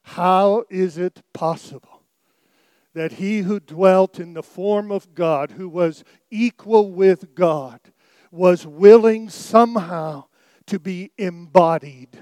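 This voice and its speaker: A middle-aged man preaching a sermon, rising to loud emphatic peaks and dropping to quiet phrases. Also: on the high side, slow, dry recording. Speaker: pastor.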